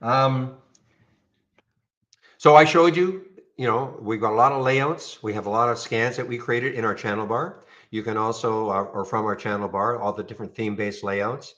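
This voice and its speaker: A man casually walking viewers through trading software on a screen share, rambling and checking in with "okay?". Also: on the low side, fairly even intonation, normal speed, muffled recording. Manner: rambling, frequent restarts and "okay?" check-ins.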